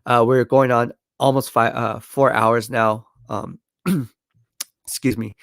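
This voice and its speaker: A man's voice: mid-range voice, flat delivery, takes it slowly, gravelly, fairly bright tone, no room sound, studio quality. Tired, chatty man hosting a live stream. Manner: chatty, hyped, repeats himself. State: tired, losing his voice. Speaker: podcast live stream host. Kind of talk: casual live stream sign-off.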